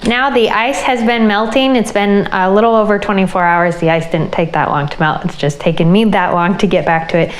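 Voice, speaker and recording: A woman hosting a crafting channel, explaining an ice-dye project as she works in a relaxed way. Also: mid-range voice, fairly quick, few pauses, rough recording. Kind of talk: casual craft tutorial.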